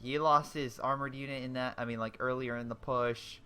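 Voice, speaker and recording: A young man giving casual commentary over a strategy game replay, excitable and rambling, breaking off into exclamations. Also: mid-range voice, fairly quick, smooth.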